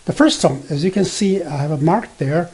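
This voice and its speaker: A man teaching beginner Mandarin, explaining slowly with many fillers and self-corrections, and spelling out letters and sounding out tones. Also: a little high, a little mellow, breathy edge. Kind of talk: beginner language lesson.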